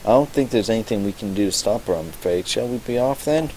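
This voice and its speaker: Picture a composed, courteous schoolgirl with gentle authority, read out by a man. The voice is low and deep, read evenly for a game. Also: quick pace, a little hiss or hum, low-quality recording. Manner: reads aloud flatly in own voice. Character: calm, polite young female student.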